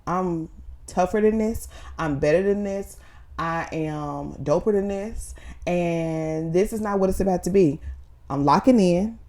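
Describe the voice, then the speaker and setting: Low, mellow-voiced woman vlogger. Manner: animated and slangy, with frequent fillers and repeated phrases. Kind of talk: casual faith-based motivational talk.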